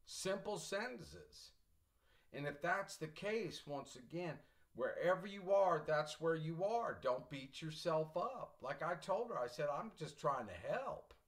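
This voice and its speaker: A man's voice: a little high, lively intonation, unhurried. A middle-aged man teaching a college English class, blunt and rambling, repeating himself and drifting into stories. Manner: rambling, repetitive, blunt, digresses into anecdotes. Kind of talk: recorded lecture to class.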